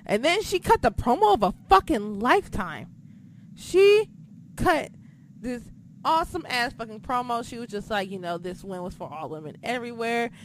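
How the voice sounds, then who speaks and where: A woman hosting a podcast, recapping in casual chat, excitable and profane, swinging between shouting and muttering. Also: on the high side, moderate pace, slight background noise. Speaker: podcast host.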